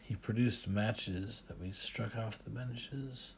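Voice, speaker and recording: Man, audiobook narrator, gravelly, slow, measured, first-person storytelling. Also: on the low side, steady tone, slight background noise.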